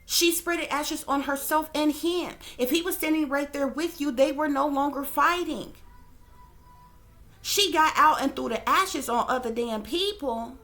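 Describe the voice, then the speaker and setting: This woman's voice is high, pushed, and bright. On her channel she plays psychic reader, chatting casually, swearing now and then, and repeatedly checking in with an emphatic "okay?"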